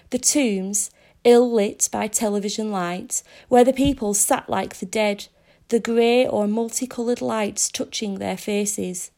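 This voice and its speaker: A woman narrating a story aloud in a measured, descriptive reading. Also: medium pitch, vocal fry, mellow.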